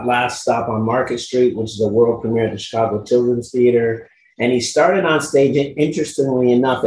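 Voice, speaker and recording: A man's voice: mid-range voice, darkish tone, reverberant, slight background noise, low-quality recording. A man guesting in a casual chat, talking animatedly and laughing often. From England. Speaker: guest actor.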